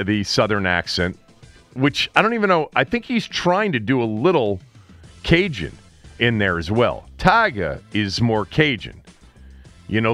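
A man's voice: medium pitch, a bit bright. A man hosting a sports talk show, chatting casually in a wry, joking way.

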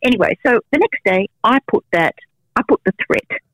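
Telling candid stories in an interview, this middle-aged woman, an investigative journalist and guest, uses plenty of fillers and restarts. She speaks at normal speed in an expressive, fairly bright voice on the high side. The recording is dry and low in quality.

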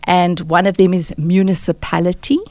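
A woman from South Africa, a dialect coach, explaining clearly and instructively as a guest in a radio studio interview. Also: lowish voice, flat delivery, moderate pace, dark tone, no echo.

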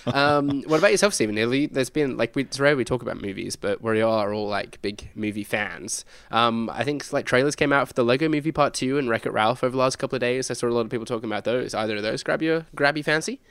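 A man's voice: mid-range voice, quick pace, hardly any pauses, fairly bright tone, clean tone, no echo. Upbeat man hosting a podcast. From Australia. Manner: upbeat, teasing, laughs often. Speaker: podcast host. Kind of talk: casual podcast chat.

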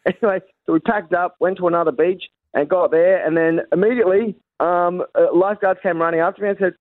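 A man with an Australian accent telling stories as a comedian guest, with animated delivery and frequent stammering restarts. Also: sits high, fast, few pauses, dry recording. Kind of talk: phone interview chat. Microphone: phone call. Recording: tinny phone line.

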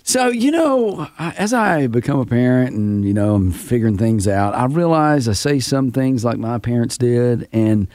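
A man's voice: medium pitch, animated, moderate pace, hardly any pauses, a little mellow, dry recording. A man co-hosting a radio show and joking with the team. His voice jumps around eagerly. The recording is dry and close. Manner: enthusiastic, laughs often. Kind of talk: casual morning radio banter.

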